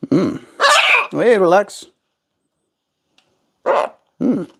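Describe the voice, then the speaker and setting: A man's voice: high-pitched, expressive, extremely slow, creaky, a little mellow, slightly rough. A man streaming casual chat while cooing affectionate baby talk to his pet bird at home.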